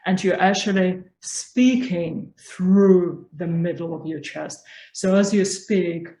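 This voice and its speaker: Slow, low-voiced woman coaching calmly. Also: low-quality recording. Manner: slow, calm, explanatory. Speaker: spiritual growth coach. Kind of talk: instructional talk on voice.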